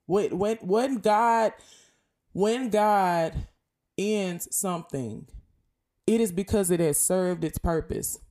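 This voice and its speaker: A young woman hosting a podcast, giving casual, lively faith encouragement. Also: lowish voice. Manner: lively, animated, preachy and conversational. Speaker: podcast host.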